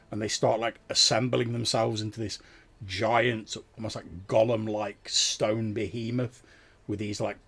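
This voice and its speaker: A male game master narrates a tabletop game in a low, gravelly voice with a husky, slightly rough edge. He describes the scene loosely, with frequent fillers and restarts. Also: fairly bright tone.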